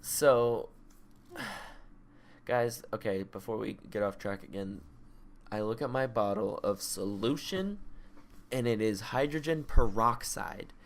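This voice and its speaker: A young man co-hosting a podcast, telling a story in a rambling, casual way with lots of swearing and loud re-enacted yells. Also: fairly low pitch, measured pace. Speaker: podcast co-host. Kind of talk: casual chat.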